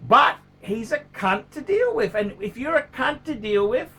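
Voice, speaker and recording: A man's voice: very high-pitched, very animated, normal speed, bright, forceful tone, a little hiss or hum. A middle-aged man, talking casually to camera in a blunt, profane way and often repeating himself. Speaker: watch collector vlogger.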